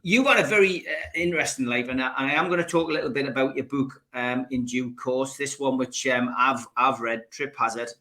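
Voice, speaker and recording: Middle-aged male host, bright forceful tone, chatty, halting, repeats words. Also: mid-range voice. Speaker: podcast host. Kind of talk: casual interview.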